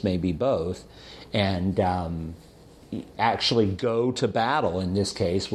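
Lower-voiced man teaching a Bible class. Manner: measured, explanatory lecturing.

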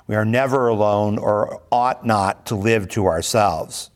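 A man reading a scripture passage aloud, then explaining it in a measured teaching manner, often pausing with "um" and asking "right?". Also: on the low side. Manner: measured, explanatory, with frequent ums and rhetorical "right?". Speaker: Bible teacher. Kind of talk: verse-by-verse scripture lesson.

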